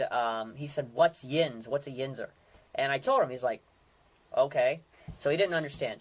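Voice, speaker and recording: Man in his thirties, solo podcast host, rambling chatty delivery, mid-range voice. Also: mid-range voice. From Western Pennsylvania. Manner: rambling, many fillers and restarts. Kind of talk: casual solo talk.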